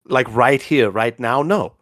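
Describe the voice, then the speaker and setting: A man's voice: mid-range voice, a little slow, fairly bright tone, no room sound, clean studio sound. A man playing a tabletop game, asking curious, insistent questions. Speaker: player.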